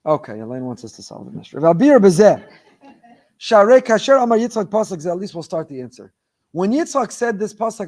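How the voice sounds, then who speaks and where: A man giving a sermon as a rabbi, impassioned and building to near-shouted emphasis, chanting Hebrew verses in a study cadence. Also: sits high, very animated, brisk.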